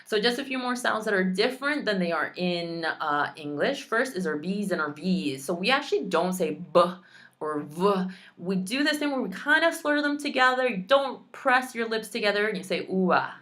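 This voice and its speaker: A woman's voice: mid-range voice, animated, moderate pace, a bit bright. A woman teaching a Spanish lesson online, pronouncing practice words carefully and adding chatty, playful asides.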